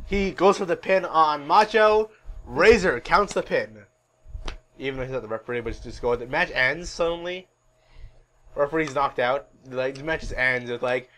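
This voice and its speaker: A man co-hosting a podcast, excitedly recapping a wrestling event in casual chat, swearing and laughing as he rants. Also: fairly high pitch, moderate pace. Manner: excitable, swearing, laughs at his own rant. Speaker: podcast co-host.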